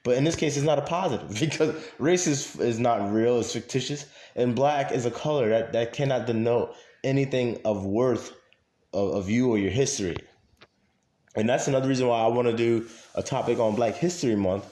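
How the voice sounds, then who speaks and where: A man's voice: mid-range voice, fairly quick, mellow. A man in a casual monologue to camera, talking emphatically with many fillers and repeating his points. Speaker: vlogger. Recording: echoey room.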